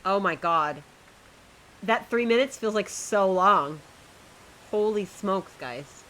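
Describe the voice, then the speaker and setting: A woman's voice: mid-range voice, animated, slow pace, a bit bright, slight background noise, rough recording. A woman streamer chatting casually to her viewers while she plays a game, chatty and self-mocking, often laughing at herself.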